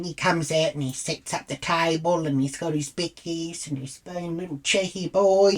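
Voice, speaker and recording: A woman with an Australian accent telling a bawdy comic story in a brash, chatty way. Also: low-pitched.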